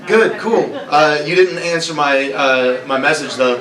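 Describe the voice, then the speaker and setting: A young man works a bar crowd with sardonic, self-deprecating stand-up. His voice sits a little high. The room is roomy and the mic is distant, with a crowd laughing throughout. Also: a little slow. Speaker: stand-up comedian. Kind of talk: live stand-up set. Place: bar comedy night.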